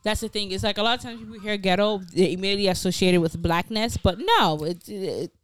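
A young adult woman co-hosting a casual pop-culture podcast, blunt and animated in her talk. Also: medium pitch, fast talker, clear, resonant tone. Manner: blunt, animated, laughs along. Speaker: podcast co-host.

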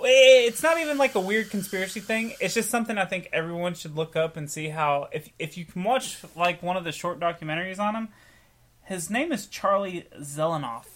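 A man co-hosting a casual podcast chat, telling a story with lively acted-out quotes. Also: sits high, moderate pace. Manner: animated storytelling, acts out quotes. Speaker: podcast co-host.

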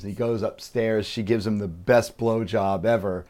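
A man's voice: fairly low pitch, fairly even intonation, moderate pace, few pauses, darkish tone. Hesitant man in casual chat. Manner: hesitant, trailing off, self-deprecating. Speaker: podcast co-host, musician.

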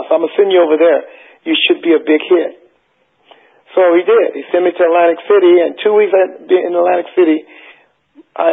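Gravelly man telling stories over phone. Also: fairly high pitch. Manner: animated, acts out quoted voices, stammers on restarts. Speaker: interview guest, tribute singer. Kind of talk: storytelling on a phone interview. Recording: tinny phone line.

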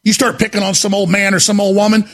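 A man hosting a talk radio show, delivering a frantic, desperate monologue that often breaks into shouting. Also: high-pitched, monotone, fast talker. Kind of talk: impassioned on-air monologue.

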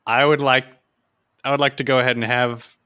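A man hosting a podcast in relaxed, chatty talk full of asides. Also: medium pitch, brisk, clear, resonant tone. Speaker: podcast host. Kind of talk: casual podcast chat.

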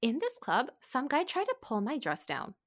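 A young woman telling a story in casual chat, animated and giggly, full of "like". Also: high-pitched, normal speed. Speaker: podcast co-host.

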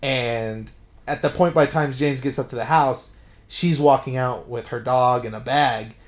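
A man co-hosting a podcast, recapping a film in a casual, animated way and swearing freely as he tells it. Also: medium pitch, moderate pace. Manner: animated storytelling with frequent swearing. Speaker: podcast co-host. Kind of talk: casual movie recap chat.

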